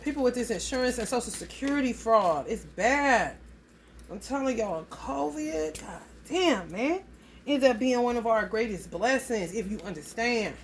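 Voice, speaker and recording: A woman's voice: on the high side, lively intonation, normal speed, slight background noise. A woman giving a casual spoken reading to her viewers, blunt and heavily profane, rambling loosely as she talks. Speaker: astrology reading vlogger.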